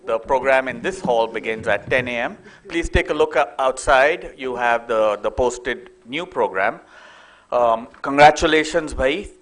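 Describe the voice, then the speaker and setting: A man's voice: mid-range voice, a little slow, fairly bright tone. Man making festival announcements. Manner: friendly, hesitant with fillers. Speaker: festival organizer and event host. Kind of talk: event announcements. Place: lecture hall at a festival.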